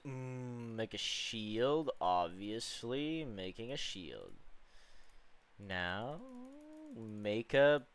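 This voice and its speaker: A man's voice: mid-range voice, fairly bright tone, smooth. A man giving casual, crude, rambling gameplay commentary with self-mocking jokes. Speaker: gaming channel host.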